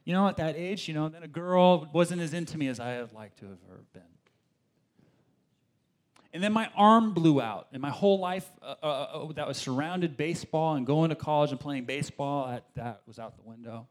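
A man delivers a sermon in a fairly high voice. He talks in a lively, conversational way, stumbling over restarts as he works through his point. He sometimes slips into mock complaining tones. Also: brisk. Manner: animated, acts out complaining voices, frequent restarts. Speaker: pastor.

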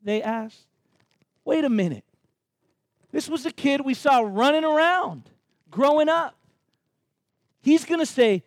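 A male pastor delivers a sermon with playful asides, acting out how the crowd reacts. His voice sits high and swings widely in pitch. The sound is dry and close. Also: slow pace, long pauses, dry recording. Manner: animated, joking asides, acts out crowd reactions.

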